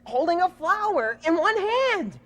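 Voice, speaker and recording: A woman's voice: extremely high pitch, very animated, measured pace, fairly bright tone, full character voice. A woman voicing an eager puppet who gushes and is easily impressed. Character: eager gushing puppet fan.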